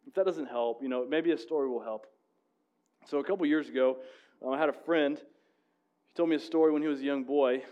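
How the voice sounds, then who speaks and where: A man preaching a sermon in a conversational, storytelling way, with frequent restarts, dropping low and rising on key points. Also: a little fast, long pauses, muffled recording. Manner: drops to a hushed voice when telling the story; rises and presses louder on the main points. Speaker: pastor.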